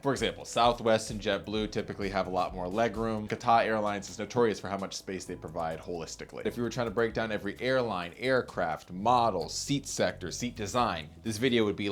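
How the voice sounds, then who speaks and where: Animated sarcastic man, lively pitch. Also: a little hiss or hum. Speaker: video essay host. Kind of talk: comedic commentary with skits.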